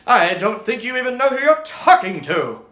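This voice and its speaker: A grandiose, outraged time-traveling alien hero, put on by a man booms out each slow, loud phrase far above a normal speaking pitch. His indignation rings off a roomy space, heard from a little away from the mic. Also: big pitch swings, full character voice. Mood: indignant.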